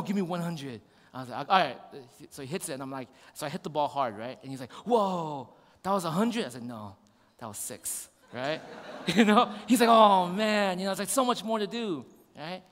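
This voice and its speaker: A man's voice: a little high, fairly bright tone, long reverb tail. A man in his thirties, a pastor giving a conversational sermon with rhetorical questions.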